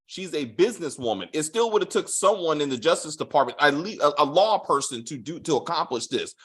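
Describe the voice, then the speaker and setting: A husky-voiced man chats casually about a TV series as co-host. His pitch swings widely, and he keeps acting out characters' lines in an animated, profane rush. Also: a little fast. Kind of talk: casual chat.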